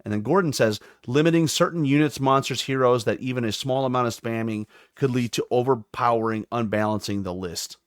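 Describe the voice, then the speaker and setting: A man's voice: medium pitch, a little fast, few pauses, no room sound, clean studio sound. A man hosting a podcast, chatting enthusiastically and reading listener responses aloud. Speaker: podcast host. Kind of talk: casual chat.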